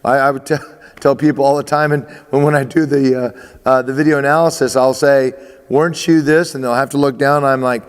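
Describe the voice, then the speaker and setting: A man's voice: mid-range voice, fairly even intonation, brisk, smooth, big-room sound. A man, a baseball coach, giving emphatic advice to athletes, often repeating himself and restarting phrases.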